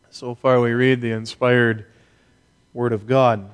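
A pastor preaching a Sunday sermon, measured and emphatic, with deliberate pauses. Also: male voice, mid-range voice, level tone, clean tone. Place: church. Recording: long reverb of a church hall.

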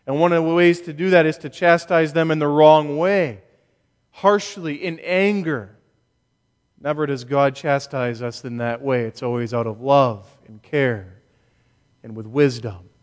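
Measured preaching man, reverberant hall. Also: a little high. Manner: measured, deliberate preaching with slow stressed key words. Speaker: pastor. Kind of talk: expository sermon.

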